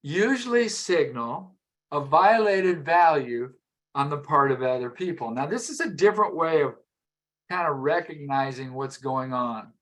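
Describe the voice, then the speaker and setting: A man's voice: fairly high pitch, expressive, measured pace, a bit bright. A middle-aged man giving a live masterclass on emotional intelligence, talking conversationally, repeating words and asking the audience questions.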